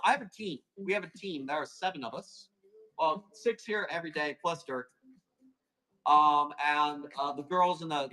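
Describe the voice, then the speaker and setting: A man hosting a live plant auction stream, chatting casually and calling quick countdowns, with a casual swear here and there. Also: a little high, sharp tone, rough recording. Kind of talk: livestream sales chat.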